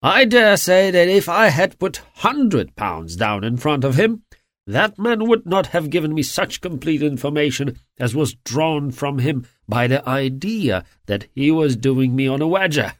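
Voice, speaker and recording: A man voicing a shrewd, composed gentleman detective who speaks in a bland, measured way. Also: fairly high pitch, very animated, no echo, studio quality. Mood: musing.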